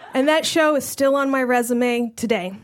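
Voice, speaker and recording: A high-pitched young woman performing stand-up. She tells the story with lots of energy and breaks into laughter between lines. Her delivery is loose and conversational. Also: very noisy. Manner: animated, laughing through the story. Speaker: stand-up comedian.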